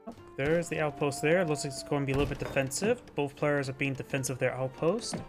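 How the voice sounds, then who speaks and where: A man's voice: medium pitch, fast. Man casting a strategy game over music. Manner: casual, chatty play-by-play with fillers. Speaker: game caster. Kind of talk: play-by-play game commentary.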